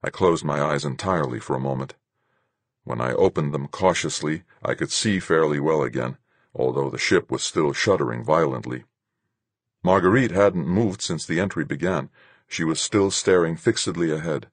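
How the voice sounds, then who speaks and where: A man reading a first-person science fiction novel aloud as audiobook narrator, with a steady, measured storytelling delivery. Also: rumbling low, dry recording.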